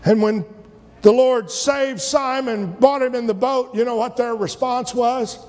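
A man preaching a sermon, retelling scripture stories and acting out the voices, sometimes rising to shouts. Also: very high voice, steady tone, unhurried. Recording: long hall reverb.

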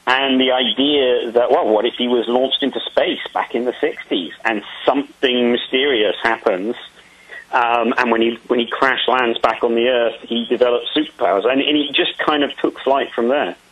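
Husky man, halting interview answers. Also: medium pitch, dull audio. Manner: hesitant, many restarts and ums. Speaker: film director being interviewed.

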